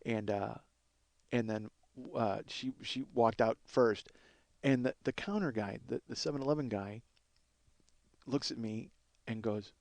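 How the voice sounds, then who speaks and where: A man who hosts a podcast, telling a comic story in a profane, excitable way full of stammered restarts. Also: mid-range voice, moderate pace, creaky, no echo. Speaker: podcast host and comedian.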